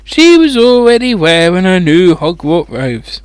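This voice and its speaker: With a high, smooth, sing-song voice and measured pace, a man turns a children's fantasy book into a comedic audiobook, no room sound audible. He interrupts the text with mocking, profane, rambling tangents.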